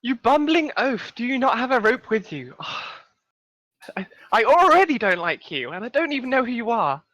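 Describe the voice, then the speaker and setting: A man's voice: very high voice, sing-song, normal speed, pushed and bright, no echo, exaggerated voice. A man playing a scornful haughty adventurer woman. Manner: scornful, sighing, insulting.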